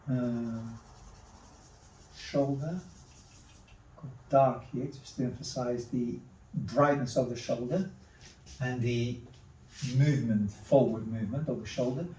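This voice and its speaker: A man, an artist, quietly talking through his charcoal drawing in short murmured remarks as he works. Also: mid-range voice, steady tone, takes it slowly, long pauses, a little hiss or hum. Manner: terse murmured step-by-step remarks while working. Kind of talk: drawing demonstration narration. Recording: echoey room, distant mic.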